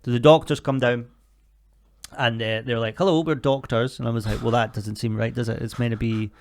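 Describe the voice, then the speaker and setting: A young man co-hosts a casual comedy podcast and tells a story. His voice has a gravelly edge and sits at an ordinary middle pitch. He keeps acting out the other people in his story. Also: little pitch movement, fairly quick. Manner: storytelling with acted quotes of others. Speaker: podcast co-host.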